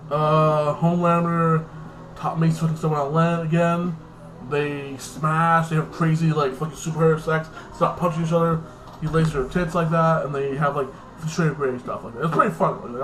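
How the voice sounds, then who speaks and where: A young man with a slightly higher-than-average voice rambles through a casual TV episode recap, packing his talk with fillers and profanity. A faint hiss of background noise sits under the recording. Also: steady tone, a little fast, poor audio. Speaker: TV episode reviewer.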